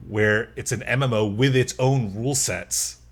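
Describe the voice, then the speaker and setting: A man's voice: mid-range voice, normal speed, husky. A man chatting as a podcast guest, rambling and often laughing mid-sentence. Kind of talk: casual chat.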